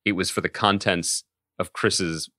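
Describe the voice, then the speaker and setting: A man's voice: low voice, a little slow, no room sound, studio quality. A man co-hosting a podcast, chatting casually and riffing with jokes. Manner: joking, animated riffs. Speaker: podcast co-host. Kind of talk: casual chat.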